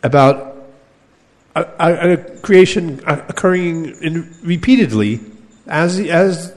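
A man giving a scripture class, explaining texts in a measured way and pausing over quoted verses. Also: fairly high pitch, animated. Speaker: teacher of Vedanta scripture. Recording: long hall reverb.

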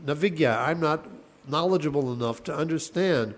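Halting male teacher chanting verses. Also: fairly high pitch. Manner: halting, thinks aloud, chants verses slowly. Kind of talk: class lecture on Sanskrit poetics.

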